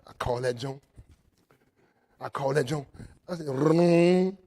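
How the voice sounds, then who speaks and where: A man telling his recovery story to a live audience in a jail, animated, swinging between loud and quiet and often checking in with "right?". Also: mid-range voice, moderate pace, gravelly, husky. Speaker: recovery speaker. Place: jail, indoors.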